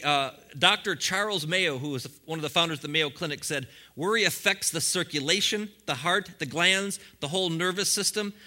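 Bright-voiced preaching man. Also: a little high. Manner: preaching with rising bursts and chuckles. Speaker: pastor. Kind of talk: sermon.

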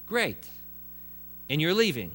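A man's voice: on the high side, wildly swooping pitch, slow, a bit bright. A man preaching a sermon in a conversational way, with restarts and joking asides. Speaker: pastor.

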